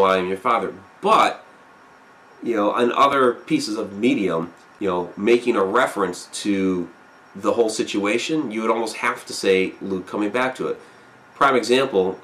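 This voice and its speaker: A man's voice: lowish voice, fairly bright tone. A man hosting a live stream, chatting casually and reading viewer comments aloud, with a rambling manner and frequent fillers.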